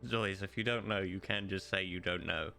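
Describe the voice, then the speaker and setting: A man's voice: low voice, fairly even intonation, moderate pace, creaky, sharp tone, soft background music. A man playing a tabletop game, blunt and profane in banter. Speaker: player.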